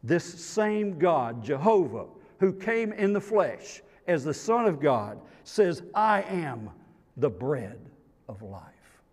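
A man preaching a sermon as pastor, emphatic and slow, his voice rising loud on key phrases and dropping to a near hush on others. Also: fairly high pitch, big pitch swings. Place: church sanctuary. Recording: long reverb of a church sanctuary.

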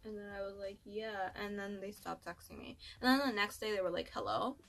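Young woman ranting casual storytime, lots of likes and cussing, fry in her voice. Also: medium pitch, a little fast, fairly bright tone. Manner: slangy, swears, many likes. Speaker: beauty vlogger.

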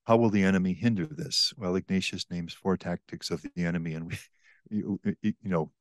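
An older man, a priest and author, explaining spiritual teaching on a podcast in a measured, reflective, earnest way. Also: deep voice, steady tone, no echo.

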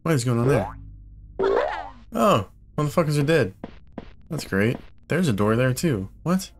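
A young man commentating a horror game as he plays, frustrated and confused, swearing often and breaking into loud startled yelps. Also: mid-range voice, big pitch swings, unhurried, slight background noise. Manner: frustrated, swearing a lot, bursts of loud surprise. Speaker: gaming YouTuber. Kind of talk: let's play commentary. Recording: game music playing behind.

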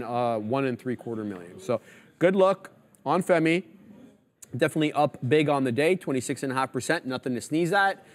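A man hosting a live trading show, giving casual, chatty market commentary as he walks through stock charts. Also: mid-range voice. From Canada.

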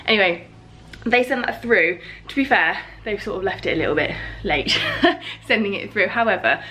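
A woman's voice: medium pitch, a little hiss or hum. A young woman vlogging casually at home, chatty and exasperated as she rants, with sighs and laughs. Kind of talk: casual vlog chat to camera. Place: home flat, indoors.

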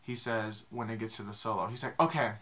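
A man's voice: fairly low pitch, a little fast. Rambling young man telling a nervous story. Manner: rambling, animated, self-deprecating, with sung snatches. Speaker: vlogger. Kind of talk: casual storytelling.

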